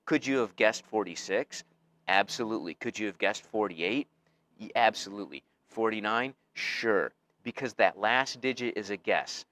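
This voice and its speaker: A man's voice: on the low side, a bit bright, no room sound. A male teacher giving a casual recorded lecture, explaining things conversationally with frequent fillers.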